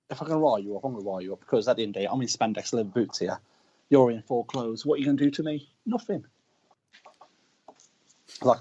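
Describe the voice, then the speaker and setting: A husky-voiced man, a wrestler, talks brashly and boastfully about riling up crowds. His voice sits in the middle of the male range, and the audio is dull and lo-fi. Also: mid-range voice, a little mellow. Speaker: wrestler guest. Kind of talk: casual interview chat.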